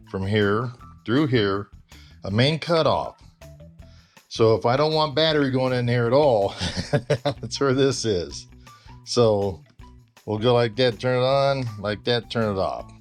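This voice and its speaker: A man giving a casual, halting how-to walkthrough of wiring his trailer, slightly out of breath. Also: medium pitch. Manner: plain, halting, lots of "uh". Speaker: RV owner doing a DIY install. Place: travel trailer and its storage bay, hot weather.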